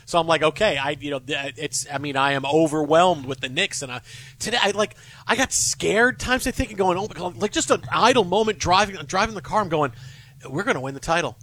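A man hosting a sports radio show, telling stories in a rambling, animated way with many restarts. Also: a little high, fairly quick, background noise. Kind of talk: casual sports radio chat. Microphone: studio microphone.

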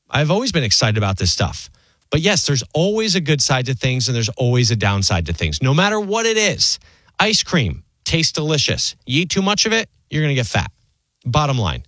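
A man in his forties hosting a talk radio show, speaking in an animated, conversational monologue full of rhetorical questions. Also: on the high side, fairly quick, no room sound.

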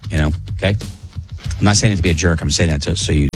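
Male radio host, deep voice, plainspoken, faint background music. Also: quick pace. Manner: blunt, opinionated, plainspoken. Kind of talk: casual radio banter.

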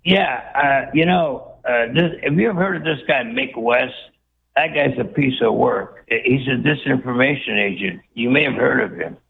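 A man's voice: medium pitch, normal speed, gravelly. A man calling in to a radio show, speaking bluntly and scornfully. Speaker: caller. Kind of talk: phone-in call. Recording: phone line with faint noise.

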